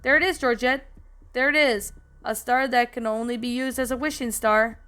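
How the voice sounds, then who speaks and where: A woman voicing a polite, gentle eight-year-old girl. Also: fairly high pitch, steady tone, moderate pace, smooth, natural voice. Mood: dreamy.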